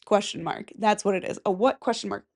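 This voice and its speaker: A woman's voice: mid-range voice, fairly quick, creaky, a little mellow. A young woman from Michigan hosting a casual solo podcast, nasal and stuffy from a cold, rambling and giggling at herself at her desk mic. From Michigan, USA. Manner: rambling, giggly, self-mocking. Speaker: podcast host. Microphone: desk microphone.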